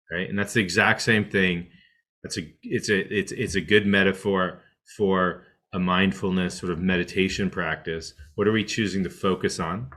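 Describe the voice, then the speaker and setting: A man with a fairly low but bright, forceful voice explains meditation to listeners. He talks in an animated way, jumping up in pitch to act out the thoughts running through someone's head, and keeps checking in with a quick "right?". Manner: animated, acts out inner voices with rising pitch; repeats "right?" often. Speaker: meditation teacher.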